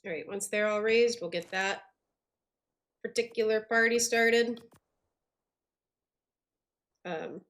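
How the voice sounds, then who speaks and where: A woman's voice: fairly high pitch, takes it slowly, pauses often, fairly bright tone. A woman streaming a game, chatting casually and thinking aloud with lots of fillers. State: hiccups. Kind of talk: casual gameplay commentary.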